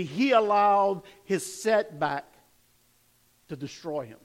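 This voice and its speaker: Male pastor, high voice, dramatic preaching that swings from loud to hushed. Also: measured pace, long pauses. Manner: dramatic retelling with rising and falling intensity. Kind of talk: sermon.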